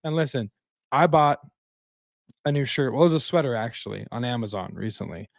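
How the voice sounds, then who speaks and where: A man's voice: medium pitch, lively intonation, fairly quick, gravelly, no echo. Joking man podcast co-host, dry sound. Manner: jokey, tells dad jokes. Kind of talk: casual podcast chat.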